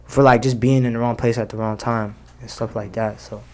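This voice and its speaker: A man's voice: medium pitch, level tone, fairly quick, darkish tone. A young man, a rapper, talking casually in an interview, full of slang and fillers. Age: young adult. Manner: slangy, loose, many fillers. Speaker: rapper guest.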